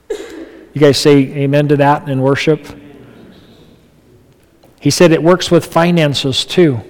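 A pastor giving a conversational sermon to his congregation, moving between quiet asides and emphatic, raised passages. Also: fairly high pitch, steady tone, slow pace, long pauses, big-room sound, rough recording.

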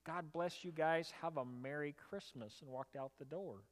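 A man preaching a sermon as a pastor. He tells stories in an animated way and rises to loud, emphatic bursts. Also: fairly high pitch, normal speed. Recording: reverberant hall.

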